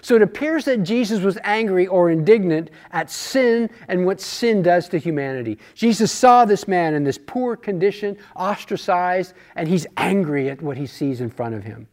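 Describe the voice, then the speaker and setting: Male Bible study teacher, high pitch, conversational, rhetorical questions. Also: expressive, moderate pace, few pauses, darkish tone.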